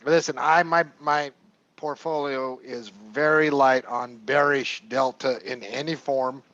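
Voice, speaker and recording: A man co-hosting a trading show, bantering in a quick, jokey way. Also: medium pitch, fairly even intonation, a bit bright, dry recording, muffled recording. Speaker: co-host. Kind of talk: casual market chat.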